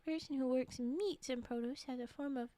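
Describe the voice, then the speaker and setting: A woman streamer in casual, playful chat who rambles, stammers when flustered and often drops into a soft whisper. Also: high-pitched, moderate pace, dry recording. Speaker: streamer and storyteller.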